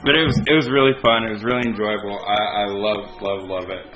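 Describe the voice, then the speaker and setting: Low-voiced young man rambling through a story. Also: fairly even intonation, a little fast, a bit bright. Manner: rambling, heavy use of filler "like", frequent swearing. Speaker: vlogger. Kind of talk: casual storytelling. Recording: dull lo-fi recording with music behind.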